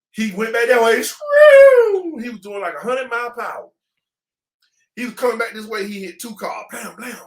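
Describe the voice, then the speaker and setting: As a guest in an interview, a high-voiced man casually recounts his story. He speaks in lively slang and makes the sound effects himself.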